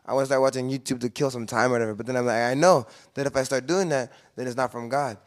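A young man speaks to a group about faith in a relaxed, conversational way, at a medium pitch. He often lets his sentences trail off softly. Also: fast. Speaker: youth group leader. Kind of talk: casual faith talk to a group.

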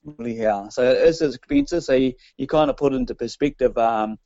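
A man's voice: mid-range voice, brisk, mellow, no room sound, lo-fi sound. A man from New Zealand with a New Zealand accent, co-hosting a radio show in casual banter, chatty and laughing often. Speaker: radio co-host.

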